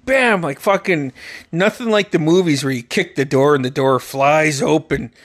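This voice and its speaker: A young man telling his dream stories in a casual monologue, swearing constantly and acting out the voices and yells. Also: a little high, normal speed, no room sound, studio quality. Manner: profane, animated, acts out quotes with loud yelps. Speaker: storyteller.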